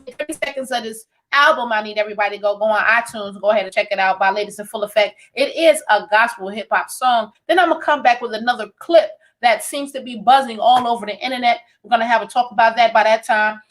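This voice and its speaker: A woman hosting a call-in talk show, chatty and quick with affirmations. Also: fairly high pitch, fairly bright tone, rough recording. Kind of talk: casual radio show hosting.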